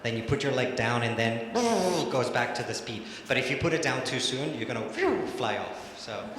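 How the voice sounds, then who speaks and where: A man's voice: mid-range voice, moderate pace, a bit bright. A man who speaks English as a second language, coaching ballet dancers live in a studio, encouraging them and counting out rhythms. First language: Spanish. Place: large echoey studio hall. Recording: echoey hall, faint noise.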